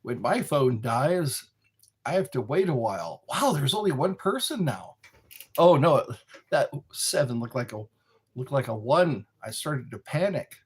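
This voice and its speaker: A man hosting a rambling live stream, chatting slowly with viewers from a dark room lit by a candle. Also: medium pitch, lively intonation, breathy edge. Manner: slow, meandering, talks to viewers. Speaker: livestream host.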